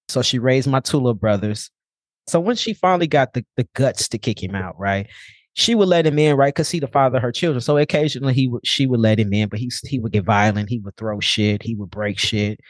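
A man's voice: mid-range voice, a little fast, no echo, clean studio sound. A young man speaking as a podcast guest, telling a personal story bluntly and casually, with frequent swearing.

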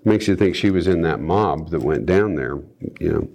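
A man's voice: deep voice, animated, moderate pace, creaky, darkish tone. A man reading Bible passages aloud and breaking in with casual comments, co-hosting a discussion. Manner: reads scripture aloud, then adds asides. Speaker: Bible study co-host.

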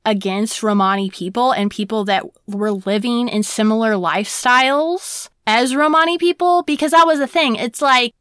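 Young woman, sassy history host, chatty, fairly high voice, crisp and clear, dry close sound. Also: moderate pace, hardly any pauses, fairly bright tone, no echo. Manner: sassy, chatty, heavy use of "like". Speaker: podcast host. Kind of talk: casual history commentary.

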